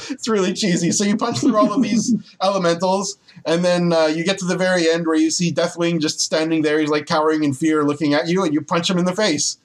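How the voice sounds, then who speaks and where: A man's voice: on the high side, brisk, few pauses. Chatty man telling a game story. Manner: animated storytelling with laughs and fillers. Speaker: podcast co-host. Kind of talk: casual chat about video games.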